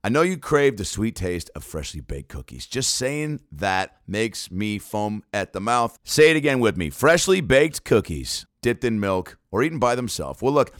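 A man hosting a podcast, reading ads with playful asides and quick self-corrections. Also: fairly low pitch, sing-song, a bit bright, no room sound, studio quality. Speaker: podcast host.

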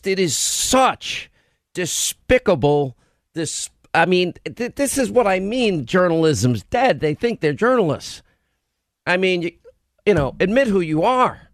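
A man's voice: high voice, a bit bright, dry recording, clean studio sound. A male talk show host in an opinionated radio monologue, combative and sarcastic, rattling off lists of grievances.

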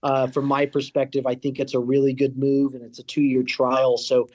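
A man's voice: medium pitch, completely flat delivery, moderate pace, darkish tone, slight background noise. A man, a college tennis coach, answering interview questions in a rambling way with many fillers and restarts. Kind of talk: casual interview.

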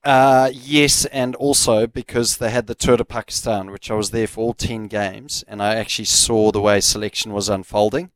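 A man with a South African accent co-hosting a sports radio show, giving measured, analytical takes. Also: fairly low pitch, steady tone, no room sound. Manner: measured, analytical, laughs easily. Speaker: radio sports co-host, former cricketer. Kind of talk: casual sports radio chat. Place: radio studio. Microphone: studio microphone.

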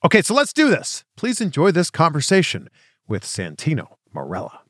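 Lively-voiced man hosting a podcast. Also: on the high side, normal speed, background noise. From Canada. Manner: lively, reads listener reviews aloud. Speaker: podcast host. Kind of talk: casual interview chat.

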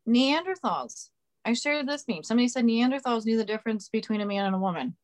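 A woman's voice: a little high, animated, fast talker, a little mellow. A woman guest on a podcast, talking casually, blunt, sarcastic and opinionated.

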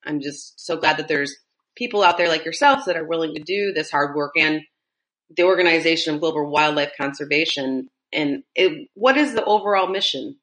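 A woman's voice: low voice, normal speed, a bit bright. A woman with a Midwestern American accent hosting a podcast interview, asking rambling, enthusiastic questions. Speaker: podcast host. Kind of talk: casual interview chat.

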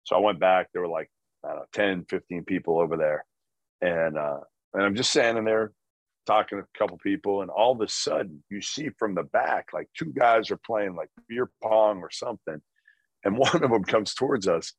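Male co-host, very deep voice, wry and low-key, casual swearing, dry close mic. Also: normal speed, breathy edge, no room sound. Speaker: podcast co-host. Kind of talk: casual chat, storytelling.

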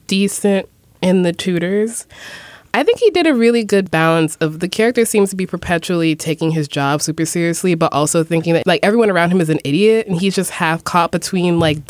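A blunt, candid woman chatting casually on a podcast, laughing often. Her voice sits a little low. The sound is dry and close, with no room echo. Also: a little mellow. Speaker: podcast panelist. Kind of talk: casual chat.

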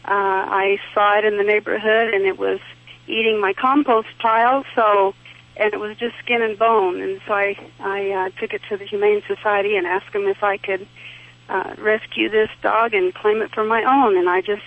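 A woman's voice: medium pitch, little pitch movement, moderate pace. A woman calling into a radio show, explaining her dog's problem in a hesitant, rambling way. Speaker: caller. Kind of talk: phone-in question. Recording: tinny phone line.

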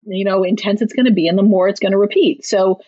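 A woman who wrote a parenting book, giving casual advice with lively delivery and acted-out quotes. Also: mid-range voice, quick pace, dry recording. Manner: lively, animated, acts out quoted lines. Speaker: parenting author guest. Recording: dull lo-fi, dry sound.

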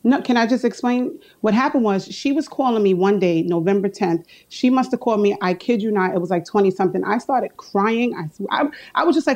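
A woman's voice: fairly high pitch, brisk, hardly any pauses. A woman defending herself in a courtroom case, telling her story at length and acting out what was said. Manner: animated storyteller who acts out quotes. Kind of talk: heated courtroom testimony.

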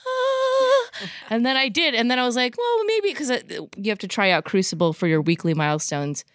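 A woman podcast host in casual chat, rambling and animated, with lots of "like". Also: medium pitch, quick pace, clean tone, no room sound, clean studio sound.

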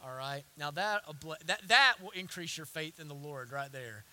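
A man preaching a sermon, swinging between hushed, intimate lines and loud impassioned ones, with folksy asides to the congregation. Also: fairly high pitch, expressive, moderate pace. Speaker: pastor.

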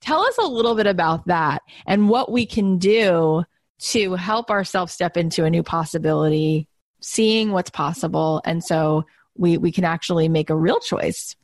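A woman's voice: lowish voice, animated, moderate pace, no echo, clean studio sound. A woman hosting an interview, asking questions and answering with short, affirming replies. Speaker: podcast host.

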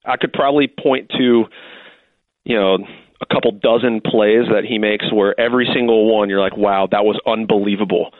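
A man from Texas with a fairly low voice, talking through a thin, phone-like line with no room echo. He rambles through his answers in a loose, casual way, circling back and restarting his sentences often. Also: fairly even intonation, moderate pace. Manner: rambling, many restarts and fillers. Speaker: football player, kicker.

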